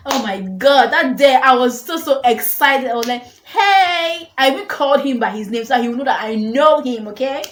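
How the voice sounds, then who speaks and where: Animated high-voiced woman. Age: young adult. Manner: animated, dramatic, laughing often. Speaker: vlogger. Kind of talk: storytime vlog. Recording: echoey room with faint noise.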